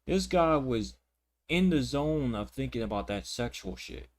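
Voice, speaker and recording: A man's voice: medium pitch, animated, a little slow. A young man ranting indignantly while reacting to clips, talking in a profane, repetitive way. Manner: repeats words and restarts sentences. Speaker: reaction channel host. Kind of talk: reaction commentary.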